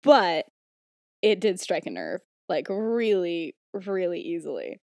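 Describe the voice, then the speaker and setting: A woman's voice: fairly low pitch, sing-song, slow, a little mellow, no room sound, studio quality. A young adult woman hosting a podcast, casually retelling a story with lots of "like" and "um" and frequent giggles. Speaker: podcast host.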